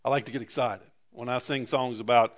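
A man preaching a sermon in a halting way, often repeating words and asking the congregation for an amen. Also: medium pitch, fairly even intonation.

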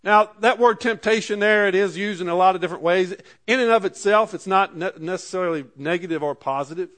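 A man's voice: high-pitched, a little fast, fairly bright tone. A pastor preaching a sermon, reading scripture aloud and then driving his points home with rising emphasis.

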